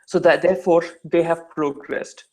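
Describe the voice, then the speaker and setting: A young man from India speaks with an Indian accent and a voice a touch higher than most men's. He talks casually and animatedly in a relaxed discussion, now and then putting on voices to act out a point. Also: moderate pace. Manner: animated, does mock voices to make points. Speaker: discussion participant. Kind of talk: casual chat.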